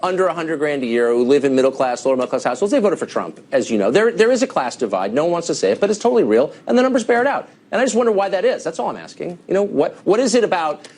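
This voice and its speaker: A man in a television studio grills his guest with pointed, sardonic questions. His voice sits a little high and swings widely in pitch. He talks fast. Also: sing-song, a little mellow. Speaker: cable news host. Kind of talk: combative news interview.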